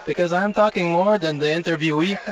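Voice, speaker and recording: A man's voice: sits high, natural voice, low-quality recording. A man playing a bumbling French Canadian podcast host with a French Canadian accent, interviewing someone in a restaurant with many fillers and restarts. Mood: chatty. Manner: halting, full of filler sounds and restarts. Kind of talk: comic on-the-road interview.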